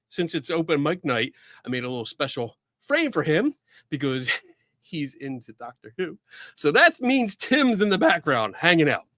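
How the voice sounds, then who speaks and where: A middle-aged man hosting a casual live stream, excitably greeting viewers by name in quick asides. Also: fairly high pitch, dry recording, clean studio sound.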